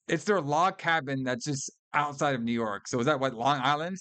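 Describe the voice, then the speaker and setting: A man's voice: mid-range voice, brisk, few pauses, fairly bright tone, dry recording. A man co-hosting a casual film review podcast, talking loosely with plenty of swearing and laughter. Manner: loose, profane, laughs often, fond of "all right" and "brother". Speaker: podcast co-host.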